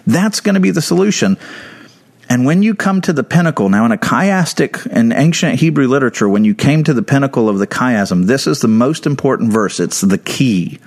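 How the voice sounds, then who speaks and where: A male pastor delivering a sermon, his pitch rising and falling widely as he presses each point. He talks earnestly, repeats phrases to build intensity, and slows right down on the words he wants to land.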